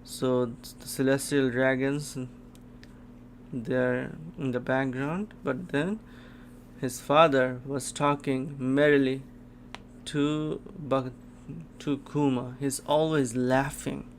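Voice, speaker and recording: A man reacting live to a comic chapter, reading it aloud with gasps and sudden exclamations as he thinks out loud. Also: mid-range voice, fairly even intonation, takes it slowly, slight background noise. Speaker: manga reaction host.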